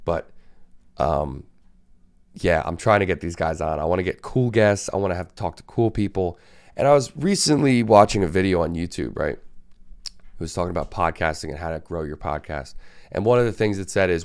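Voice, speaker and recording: A podcast host with a hoarse, sore throat who talks in a half-whisper, rambling casually, swearing and repeating himself as he restarts sentences. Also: low-pitched, lively intonation, a little fast. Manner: repeats words and restarts often. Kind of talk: solo podcast monologue.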